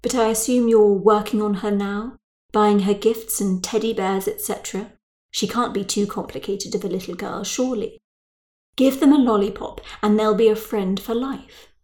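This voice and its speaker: A scheming, coolly practical woman friend from a spoken storybook, as a woman plays her. She sounds brisk and knowing in a voice at a middle pitch. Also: steady tone, darkish tone, echoey room, lightly acted. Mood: coaxing.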